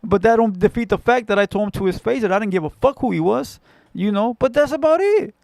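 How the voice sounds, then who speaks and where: A man's voice: high-pitched, lively intonation, quick pace, creaky, darkish tone, dry recording. A man from Southern California hosting a casual livestream, telling stories bluntly with lots of profanity and street slang. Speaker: livestream host. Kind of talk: casual livestream chat with viewers.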